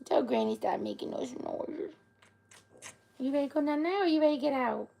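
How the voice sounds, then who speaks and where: A woman's voice: sits high, brisk, creaky, warm tone. A woman chatting on a live stream, playful and cooing at her pets in baby talk. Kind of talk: casual live-stream chat.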